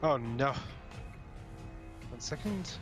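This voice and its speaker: A man's voice: medium pitch, lively intonation, takes it slowly, music in the background. A man running a tabletop game as game master, directing the players and narrating the action.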